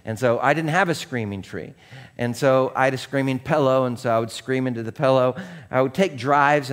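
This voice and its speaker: A man in his forties preaching a sermon, telling a self-mocking personal story full of fillers and restarts before turning to the scripture. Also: medium pitch. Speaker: pastor. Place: church stage.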